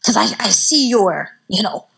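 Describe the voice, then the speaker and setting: A woman's voice: medium pitch, expressive, normal speed, gravelly, a bit bright, slightly rough, pitched below the performer's own voice, exaggerated voice. A woman voicing an arrogant, tyrannical king who speaks in a cold, commanding way. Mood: scornful.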